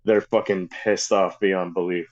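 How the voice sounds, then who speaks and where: A man rambles through casual talk, full of fillers and restarts. His voice is fairly low. The audio is dull and lo-fi. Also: flat delivery, measured pace. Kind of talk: casual chat.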